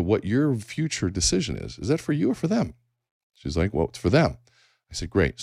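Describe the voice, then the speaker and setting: A middle-aged man with an extremely deep voice delivers a leadership talk, his pitch swinging widely as he acts out little exchanges. The sound is dry and close, with no room around it. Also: no room sound. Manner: animated, acts out quoted exchanges. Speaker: leadership speaker. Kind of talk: motivational talk.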